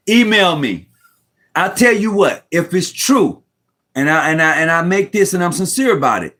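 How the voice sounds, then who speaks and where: Emotional high-voiced man on a video call. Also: animated, moderate pace, fairly bright tone. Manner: heartfelt, rambling, repeats himself, slangy. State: near tears. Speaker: Mason guest on a live stream. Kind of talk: emotional casual talk. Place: room at home.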